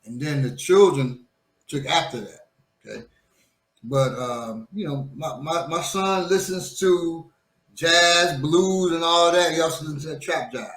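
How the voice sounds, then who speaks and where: A man in his forties co-hosting a casual panel chat, an animated storyteller who mimics other voices. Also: on the high side, unhurried, echoey room. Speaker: podcast co-host.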